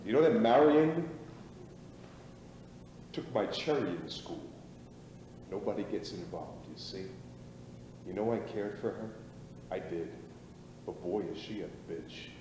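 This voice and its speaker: An actor playing a swaggering, reckless ex-jock. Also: male voice, lowish voice. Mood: bitter. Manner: swaggering, rambling, prods listeners with "right?" and "boy". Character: reckless boastful middle-aged ex-athlete, bored and restless. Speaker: stage actor. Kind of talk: live stage play acting. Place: small theater stage. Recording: echoey theater stage, distant mic, noisy.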